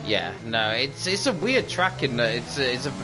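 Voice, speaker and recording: Over a music bed, a lead commentator calls a sim racing qualifying session with chatty, upbeat play-by-play and lots of fillers. His mid-range voice is sing-song and moves at a normal speed.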